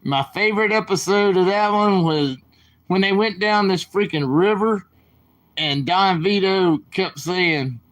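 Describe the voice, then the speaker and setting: A man rambles through casual talk on his live stream, drawing out his words at a slow, unhurried pace. His speaking voice sits fairly high for a man. He drifts between stories and apologies in a loose, informal way. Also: a bit bright.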